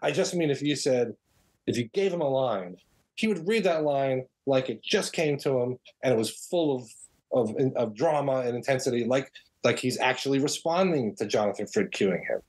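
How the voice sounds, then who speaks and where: A man guest on a podcast, chatting casually and telling animated stories about directing audio dramas. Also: mid-range voice, brisk, slightly rough. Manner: animated storyteller, mimics people in quotes. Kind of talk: casual interview chat.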